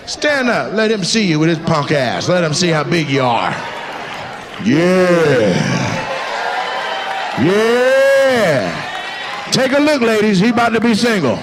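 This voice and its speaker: A brash male comedian works the crowd in a fairly high voice that swings up and down with lively energy. His teasing is profane and quick to land, and it is recorded live in a venue with an audience and steady background noise. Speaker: stand-up comedian. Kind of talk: crowd work stand-up.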